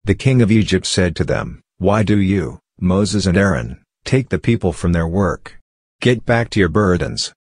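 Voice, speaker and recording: A man reading the Bible aloud in a steady, measured way. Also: low voice, no echo, clean studio sound. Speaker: Bible reader.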